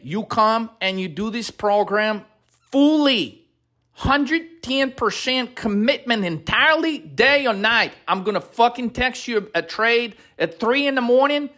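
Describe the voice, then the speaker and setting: A man coaching options traders in a profane, aggressive motivational rant, blunt and swearing constantly as he gets more heated. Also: very high voice. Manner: grows louder and more heated.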